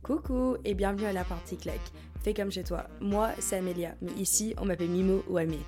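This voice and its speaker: A young woman from England hosting a solo podcast, talking in a chatty, excitable way with rambling asides. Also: medium pitch, quick pace, over music. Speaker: podcast host. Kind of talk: casual solo podcast chat.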